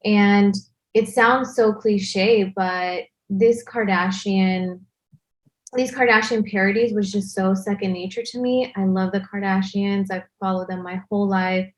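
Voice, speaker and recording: A woman's voice: mid-range voice, steady tone, measured pace. Chatty young woman with a Valley girl lilt. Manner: Valley girl speech, many "like" fillers. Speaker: guest content creator. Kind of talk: casual interview chat.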